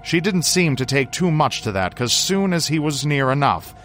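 A man narrating a horror story with dramatic, drawn-out phrasing. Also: on the high side, animated, fairly bright tone. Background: faint music.

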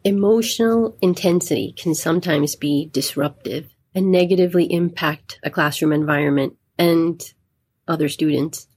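A woman hosts the interview, reading her questions in a measured, steady way. Her voice is low and husky.

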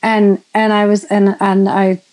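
A woman's voice: mid-range voice, little pitch movement, measured pace, a little mellow, rough recording. A woman in her fifties preaching in a casual storytelling way, rambling with many restarts and self-corrections. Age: 50s. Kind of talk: sermon-style storytelling.

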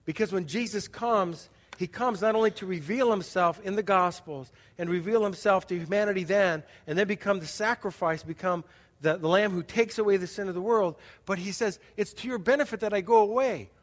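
A man's voice: high-pitched, fairly quick. A man preaching a sermon as a pastor, telling a story in a conversational way with asides to the congregation. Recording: long hall reverb.

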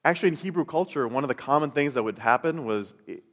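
Speaking fast and animatedly, a middle-aged man with a medium-pitched, slightly bright voice delivers his faith testimony and teaching. He's an earnest Christian speaker with a storytelling manner who often repeats words. Long hall reverb colors the recording.

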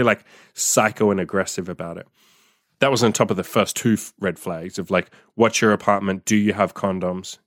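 A man's voice: on the low side, a bit bright, no echo, clean studio sound. A young man telling a story from his diary in a casual podcast monologue, swearing often and reacting aloud as he reads. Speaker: podcast host reading his old diary.

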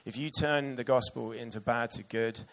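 A man's voice: mid-range voice, fairly even intonation, moderate pace, vocal fry, a bit bright. A man preaching a sermon earnestly and with emotion, reading passages aloud to his church.

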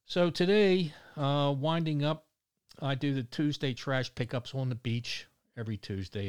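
A man's voice: on the low side, a little mellow. A man in his sixties with a Baltimore accent, rambling bluntly and cracking jokes in a casual monologue. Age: 60s. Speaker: vlogger.

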